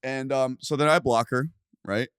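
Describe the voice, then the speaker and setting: A young man in his podcast host chair spins a story in loose, profane, everyday talk. His voice sits at an ordinary middle pitch and sounds close and dry, with no room around it. Every so often he breaks into a loud, heated burst before settling back down. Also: steady tone, normal speed, clean tone, no echo. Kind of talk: casual storytelling chat.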